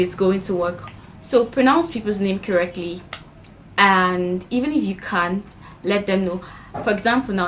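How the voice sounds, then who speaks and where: A woman's voice: medium pitch, slight background noise, low-quality recording. A young woman giving self-improvement tips to camera in a chatty way, acting out little quoted exchanges. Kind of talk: casual talk-to-camera advice.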